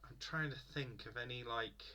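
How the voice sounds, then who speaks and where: A man's voice: medium pitch, moderate pace, pushed and bright. A man acting as game master, chatting casually and laughing often while planning a tabletop campaign.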